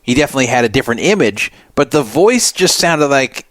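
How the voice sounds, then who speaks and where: A man's voice: medium pitch, big pitch swings, brisk, no echo. A man hosting a radio show, giving rambling, conversational commentary on the news. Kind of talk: casual commentary.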